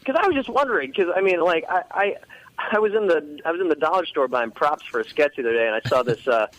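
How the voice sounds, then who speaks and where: A man, an actor appearing as a podcast guest, telling stories in animated, casual chat. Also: a little high, quick pace, dry recording, low-quality recording. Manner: animated storyteller.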